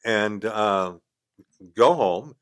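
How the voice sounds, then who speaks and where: Older man spinning a lively yarn. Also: lowish voice, extremely slow, clear, resonant tone. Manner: lively storyteller, acts out quoted voices. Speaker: podcast guest. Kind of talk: casual anecdote telling. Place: radio studio.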